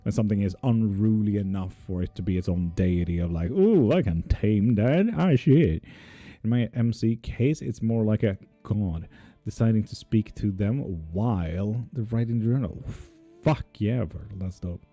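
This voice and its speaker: A man reading tarot live and answering viewers' chat questions, relaxed and casual, with the odd swear word. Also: fairly low pitch, moderate pace, soft background music. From not Swedish.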